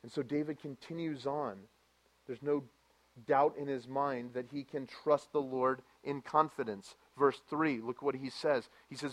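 A man preaching a sermon as a pastor, reading scripture aloud and moving from quiet reflection to loud, impassioned preaching. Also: mid-range voice, fairly even intonation, measured pace. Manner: reads scripture aloud with emphasis.

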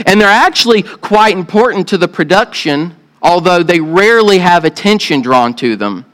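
Smooth-voiced Southern pastor preaching. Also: male voice, high voice, expressive, normal speed, fairly bright tone, low-quality recording. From Southern United States. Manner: earnest, conversational preaching with rhetorical questions. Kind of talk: sermon with opening prayer.

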